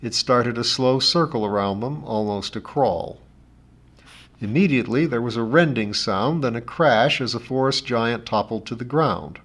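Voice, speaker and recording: A man narrating a novel in a steady, expressive reading voice. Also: medium pitch, normal speed. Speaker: audiobook narrator.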